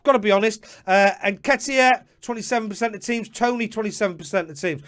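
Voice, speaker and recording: A man's voice: high-pitched, quick pace, fairly bright tone. Chatty man hosting a live stream. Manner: chatty, addresses viewers by name, apologetic asides. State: slightly out of breath. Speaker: host. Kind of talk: live-stream fantasy football chat.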